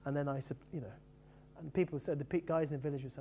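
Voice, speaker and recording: A middle-aged man raised in England talks quickly and warmly animated about the players he loved. His speech runs along at a brisk clip with fond asides. A faint hum sits underneath the recording. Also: fairly high pitch. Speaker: author reflecting on cricket. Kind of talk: casual reminiscing talk.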